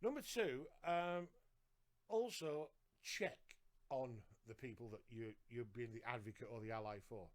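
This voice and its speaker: A man's voice: medium pitch, unhurried. A man co-hosting a casual podcast, earnest and listing his points, repeating himself for emphasis. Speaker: podcast co-host and carer. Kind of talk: casual live podcast chat.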